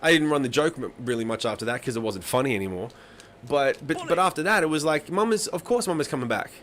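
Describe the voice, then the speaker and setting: A man's voice: medium pitch, fast. A man, telling stories in a casual live-stream chat and acting out the voices of the people in them. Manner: animated storyteller, swears a lot, acts out voices. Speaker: host of a live songwriting stream.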